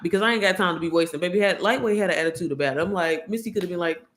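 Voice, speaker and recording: A woman's voice: lowish voice, racing, few pauses. A woman YouTuber telling a story to her viewers, candid and slangy, swearing freely and calling them y'all.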